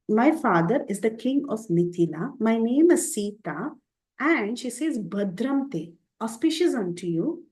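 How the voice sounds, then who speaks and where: A woman retelling a scripture story in a class, slowing down for quoted speech and stopping to explain terms. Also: on the high side, poor audio. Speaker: scripture teacher.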